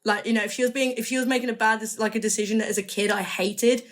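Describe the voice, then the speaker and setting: A woman's voice: on the high side, fairly even intonation, quick pace. Chatty woman, enthusiastic. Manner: rambling, enthusiastic, self-correcting. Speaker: magazine editor guest. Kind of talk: casual interview chat.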